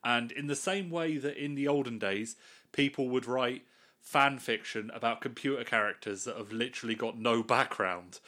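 Male podcast co-host, sharp bright tone, wry and opinionated in casual talk. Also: mid-range voice, normal speed. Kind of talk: casual chat.

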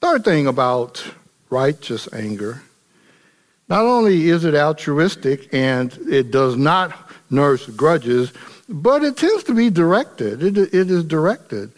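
A man pastor preaches a sermon in an animated, colloquial and humorous way. His voice sits high for a man and swings widely as he works the congregation. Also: slow pace.

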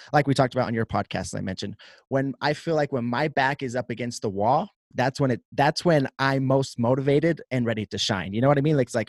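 A man's voice: mid-range voice, no room sound, studio quality. A man who owns a gym and coaches, talking candidly and earnestly in a casual podcast chat. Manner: candid and earnest, restarts often.

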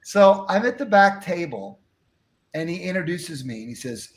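A man telling a story from his life as an interview guest, acting out the dialogue with lively energy. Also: high voice, moderate pace, roomy sound. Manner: animated, acts out dialogue. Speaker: guest speaker.

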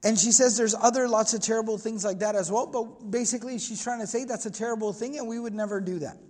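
A man's voice: high voice, fairly even intonation, quick pace, a little mellow, big-room sound. A man giving an earnest religious history lecture, explaining at length and quoting Arabic passages. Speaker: Islamic lecturer.

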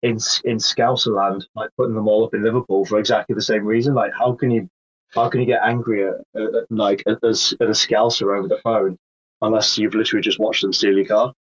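A man's voice: fairly low pitch, little pitch movement, fast, slightly rough. A man in a casual chat, rambling and hesitant with lots of fillers. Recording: dull lo-fi audio.

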